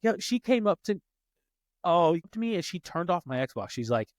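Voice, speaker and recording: A man's voice: high-pitched, moderate pace, dry recording. Man, podcast host, late twenties, casual chat, acts out quotes, dry close sound. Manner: animated, acts out quotes with rising voice.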